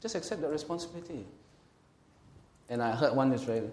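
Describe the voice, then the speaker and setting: A man with a Singaporean English accent preaching a sermon as a pastor, swinging between loud and quiet delivery and acting out quoted speech. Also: mid-range voice, quick pace, echoey room. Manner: lively, swings from loud to quiet, laughs often, acts out quotes.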